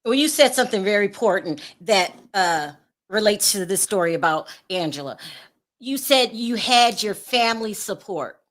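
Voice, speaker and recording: A woman's voice: medium pitch, expressive, moderate pace, fairly bright tone. A woman hosting a celebrity gossip livestream, giving blunt opinions, laughing often and talking to her chat. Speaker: host.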